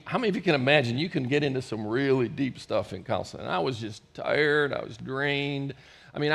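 A middle-aged male pastor preaching a storytelling sermon, swinging from loud bursts to hushed moments. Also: medium pitch, vocal fry.

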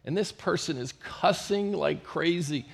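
A middle-aged male pastor preaching a storytelling sermon, swinging from loud bursts to hushed moments. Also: on the high side, a little slow, creaky.

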